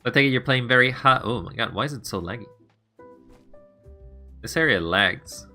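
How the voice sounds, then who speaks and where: Bright-voiced chatty male streamer. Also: mid-range voice, animated, moderate pace, faint music behind. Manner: chatty, laughing, rambling asides to chat. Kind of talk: casual game stream chat.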